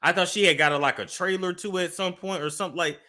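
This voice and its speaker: A man's voice: sits high, fast. A man chatting casually as a guest on a gossip show, joking and telling stories. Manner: lively, joking, storytelling. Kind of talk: casual celebrity gossip chat.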